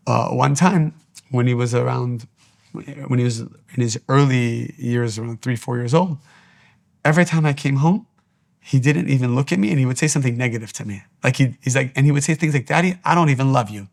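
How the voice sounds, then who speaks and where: A man with a gravelly, creaky edge to his voice delivers a spiritual teaching monologue. He speaks with earnest conviction, returning again and again to the same exhortations, at a middling pitch. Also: brisk, a little mellow.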